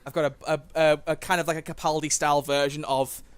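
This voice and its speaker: Fast-talking young man. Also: on the high side, clean tone, no room sound. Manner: excitable, rambling with many restarts. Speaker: guest. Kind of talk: casual chat.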